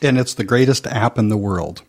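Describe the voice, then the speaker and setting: A man's voice: lowish voice, normal speed, darkish tone. Laid-back man co-hosting a podcast. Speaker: podcast producer and co-host. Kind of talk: casual podcast chat.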